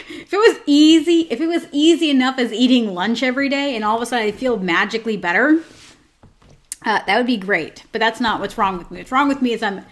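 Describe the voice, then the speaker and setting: A woman hosting her own show, chatting casually with lots of fillers and joking asides. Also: fairly high pitch. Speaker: host. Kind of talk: casual chat.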